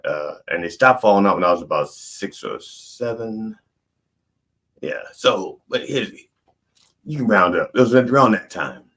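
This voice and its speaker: Husky deep-voiced man telling rambling stories. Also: lively intonation, a little slow, a bit bright. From Baltimore. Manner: rambling, self-interrupting, irreverent. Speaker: comedic preacher host. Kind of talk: storytelling stand-up monologue.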